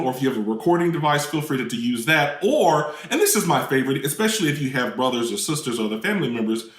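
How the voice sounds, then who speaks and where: Man, puppetry lesson presenter, animated, demonstrative, lively pitch, roomy echo. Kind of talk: children's lesson on voice warm-ups. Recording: roomy, mic at a distance.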